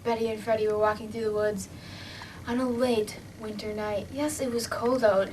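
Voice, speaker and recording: A girl improvising a playful, dramatic story with shouted sound effects, recorded from a distance. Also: medium pitch, fairly even intonation, normal speed. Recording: distant mic, faint background hum.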